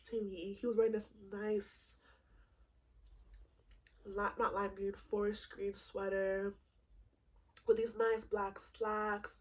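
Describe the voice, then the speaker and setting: A woman in her twenties telling a comedic storytime, animated and swearing freely, laughing often. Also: mid-range voice, takes it slowly, pauses often, rough recording. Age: 20s. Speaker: vlogger.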